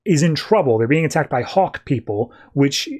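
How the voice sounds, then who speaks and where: A man's voice: fairly high pitch, animated, moderate pace, a little mellow. A man hosting a podcast, recapping a comic in a breezy, jokey storytelling way. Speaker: podcast host.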